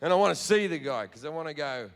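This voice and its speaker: An Australian man doing profane, animated stand-up storytelling on a theatre stage. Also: fairly high pitch, quick pace, background noise. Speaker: stand-up comedian.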